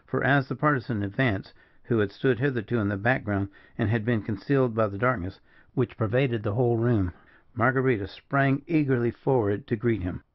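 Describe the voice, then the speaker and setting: A man reading a classic western novel aloud in a measured storytelling narration. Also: medium pitch, dull audio. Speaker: audiobook narrator. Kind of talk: scripted narration.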